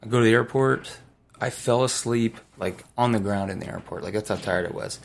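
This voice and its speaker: Gravelly laid-back man telling stories. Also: lowish voice, brisk, a little hiss or hum. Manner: laid-back, rambling with many fillers and restarts. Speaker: former pro baseball player, podcast guest. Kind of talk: casual storytelling interview.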